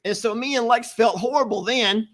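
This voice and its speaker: A man's voice: very high-pitched, moderate pace. A man casually telling a family story to his live viewers, acting out quotes and apologizing with a laugh.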